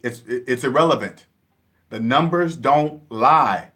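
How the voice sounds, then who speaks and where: This finance vlogger from the Seattle area speaks slowly in a medium-pitched, fairly bright voice. He gives a casual monologue, an emphatic money lecture that repeats itself.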